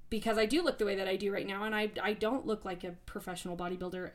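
A young woman talking casually at home, blunt and frank, swearing freely and rambling through fillers and restarts. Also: medium pitch. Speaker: former bodybuilding competitor. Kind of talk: casual monologue to camera. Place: at home, relaxing.

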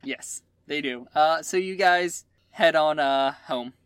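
A young adult game master narrating a tabletop role-playing game in a relaxed way, often pausing on "uh". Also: mid-range voice, smooth, no echo, studio quality. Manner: relaxed, with frequent "uh" fillers.

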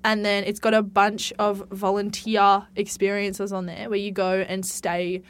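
A young woman co-hosting a casual chat, telling stories in a lively, laughing way. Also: medium pitch, unhurried, slight background noise. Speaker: co-host.

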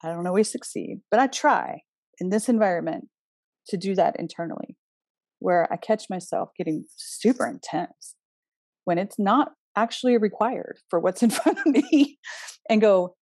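A woman's voice: medium pitch, expressive, normal speed, a little mellow, dry recording, studio quality. A woman giving an astrology talk in a casual, earnest way, pressing her point with emphatic rhetorical questions and the odd blunt swear word. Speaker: astrology speaker.

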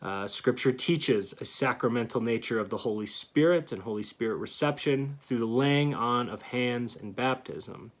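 A man giving an earnest theology lecture, stressing key words and pausing to restart phrases. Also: mid-range voice. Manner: earnest, emphatic, reads scripture aloud with pauses and restarts. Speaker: Christian teacher.

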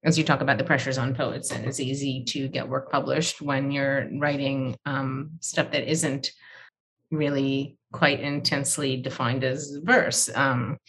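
A woman with a low, slightly husky voice talks poetry in an easygoing conversation. She wanders from thought to thought, restarting and repeating phrases as she tells stories about learning to write. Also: flat delivery, a little slow. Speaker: poet. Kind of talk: conversational storytelling.

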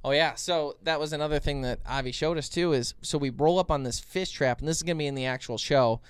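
Smooth-voiced man telling a rambling story. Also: on the high side, fast, dry recording. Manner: rambling, animated storyteller with many restarts. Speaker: podcast co-host. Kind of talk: casual storytelling chat.

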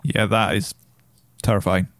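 A man's voice: on the low side, little pitch movement, a little slow, a bit bright, no room sound, clean studio sound. A man with a Geordie accent co-hosting a casual podcast, playful and laughing often. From North East England. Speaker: podcast co-host. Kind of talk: casual chat.

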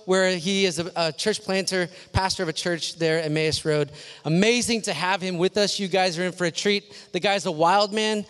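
A man's voice: high-pitched, a bit bright, clean tone. A man on a church stage introducing a guest speaker in an enthusiastic, casual way. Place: large church auditorium. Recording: long church hall reverb.

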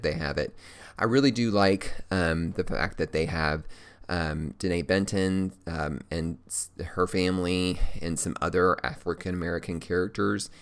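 A man hosting a show, casually and effusively gushing over a series he recommends, with many fillers. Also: low voice. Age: adult, working. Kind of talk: casual enthusiastic review.

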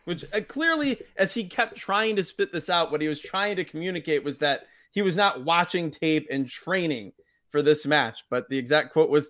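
A man co-hosting a casual chat podcast, his voice sitting a little higher than most. He talks wryly and drops dry asides, now and then quoting lines in a mock voice. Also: expressive, normal speed, a bit bright. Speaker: podcast host. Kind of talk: casual chat reviewing old wrestling.

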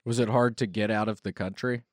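A man's voice: lowish voice, steady tone, fairly quick, dry recording, clean studio sound. Playful male talk show host. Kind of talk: casual chat.

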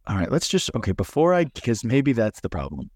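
A man hosting a podcast interview, teasing his guest in a deadpan, mock-serious way. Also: mid-range voice, a little fast, no echo, clean studio sound. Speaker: podcast host.

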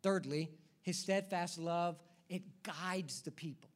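A man's voice: high voice, fairly even intonation, slow. A man preaching a sermon as pastor, building his points through rhythmic repetition and rhetorical questions to the congregation.

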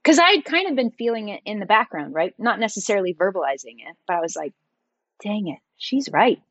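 Lively woman guest telling her story. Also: mid-range voice, quick pace, dry recording, lo-fi sound. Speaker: podcast guest. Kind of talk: conversational storytelling.

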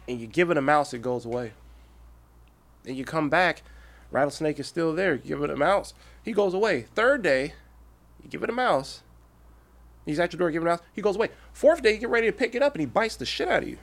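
A man's voice: a little high, expressive, fairly quick, gravelly, fairly bright tone. A man in his thirties, a veteran guest on a podcast, talking bluntly and emphatically with heavy swearing and restarts. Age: 30s. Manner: blunt, heavily profane, emphatic, repeats himself. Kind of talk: casual interview talk.

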